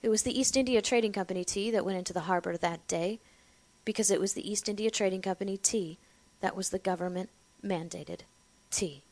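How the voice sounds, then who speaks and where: A woman giving an impassioned political speech, building to loud, emphatic declarations and then dropping low. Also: fairly quick. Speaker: political speaker.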